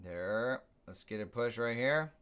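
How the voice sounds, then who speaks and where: A man's voice: mid-range voice, lively intonation, unhurried, a bit bright, clear, resonant tone. A man hosting a live trading stream, casually thinking aloud and explaining his moves as he watches the charts.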